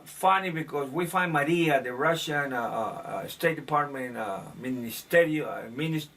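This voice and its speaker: In an offhand monologue on current affairs, a commentator with a mid-range voice wanders from point to point, opinionated and often restarting with fillers. The mic sits at a distance, catching faint room tone.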